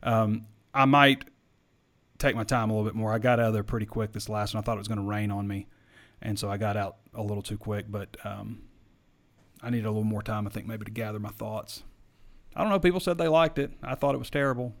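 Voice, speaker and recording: A man's voice: lowish voice, fairly even intonation, a little fast. A man hosting a sports podcast, chatting casually and answering listener questions in a rambling, hesitant way, his voice wearing thin. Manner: rambling, hesitant, repeats himself.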